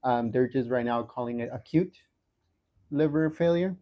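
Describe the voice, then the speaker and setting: A man giving a casual livestream update from a hospital room, talking haltingly with many fillers and restarts. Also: mid-range voice, highs cut off. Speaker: livestream host updating viewers.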